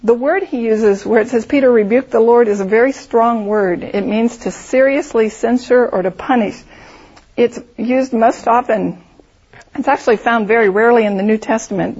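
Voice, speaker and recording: A woman with a somewhat high, husky voice leads a Bible study and explains scripture by painting vivid imagined scenarios. The recording sounds dull and lo-fi. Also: darkish tone. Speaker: Bible teacher.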